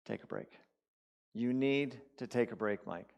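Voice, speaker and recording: A man voicing a calm inner guiding voice that speaks slowly, quietly and insistently. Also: medium pitch, lo-fi sound, lightly acted.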